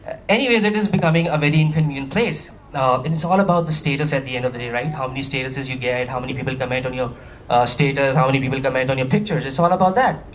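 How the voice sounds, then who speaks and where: A man from Pakistan doing a chatty, animated stand-up routine, with playful asides to a live audience. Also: medium pitch, racing, far from the mic, a little hiss or hum. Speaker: stand-up comedian. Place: comedy stage before a live audience.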